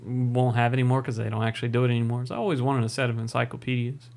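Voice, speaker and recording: A young adult man co-hosting a podcast, chatting in a relaxed, halting way that trails off. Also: medium pitch. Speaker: podcast co-host. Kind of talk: casual chat.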